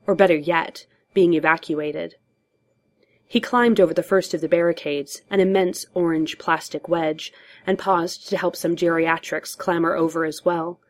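A woman narrating a story in a steady, measured audiobook reading. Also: low voice.

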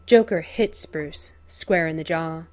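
A woman narrating fan fiction aloud in a slow, measured, even way. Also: low voice.

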